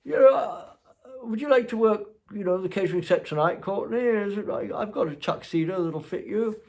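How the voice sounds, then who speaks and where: A man's voice: high-pitched, normal speed, gravelly, darkish tone, voice pushed up. A man imitating his father as a breezy, eager dad offering a favor, in a raised voice.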